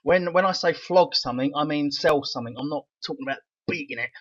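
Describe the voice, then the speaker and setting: A middle-aged man with a London Cockney accent talks eagerly with a rattly voice, padding his lines with fillers. His voice sits fairly high for a man. The recording is dry and dull, as if on a cheap mic. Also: fast, no echo. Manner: enthusiastic, rambling with fillers. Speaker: crypto channel host. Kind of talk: casual vlog review.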